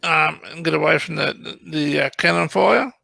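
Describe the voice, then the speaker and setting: A man chatting casually as co-host, halting and restarting as he talks. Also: on the high side, vocal fry, bright, forceful tone, slightly rough, no room sound. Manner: halting, with repeated starts. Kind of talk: casual chat.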